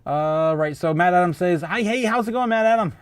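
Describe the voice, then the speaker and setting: A man's voice: high-pitched, animated, brisk, smooth, no room sound. A man hosting a casual livestream, reading out viewer comments, laughing often and stumbling through restarts and filler sounds. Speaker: host of a crypto livestream.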